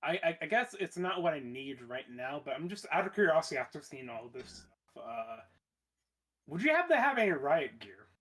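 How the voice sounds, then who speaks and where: A man's voice: fairly high pitch, sing-song, a little fast, a bit bright, slightly rough. A man playing a tabletop role-playing game, stammering and insistent. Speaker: player. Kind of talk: casual in-character role-play.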